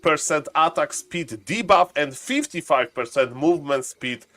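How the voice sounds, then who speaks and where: A man hosting a live game stream, his voice sitting a little high for a man. He talks viewers through a test step by step, stopping now and then to greet people in his chat. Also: expressive, normal speed, fairly bright tone.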